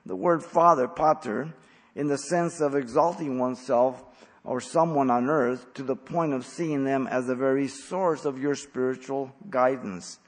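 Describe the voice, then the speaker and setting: A man preaching an expository sermon as pastor, blunt and emphatic, with sudden loud stresses. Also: mid-range voice, steady tone, a little slow, in a large hall.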